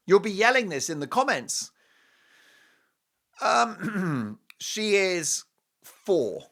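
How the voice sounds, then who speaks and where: A man's voice: on the high side, sharp tone. A man hosting an opinionated commentary show, speaking in a scornful, sarcastic and emphatic way. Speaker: host.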